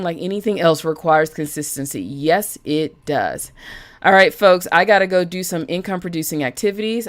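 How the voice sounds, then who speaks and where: A woman hosting a casual live stream as a budget coach, chatty and animated, greeting viewers by name. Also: fairly low pitch, clean tone.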